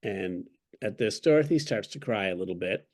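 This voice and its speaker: A man's voice: lowish voice, lively intonation, moderate pace. A man who is an author and a podcast guest, telling stories in an articulate, wry way during an interview. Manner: articulate, wry, storytelling, with chuckles.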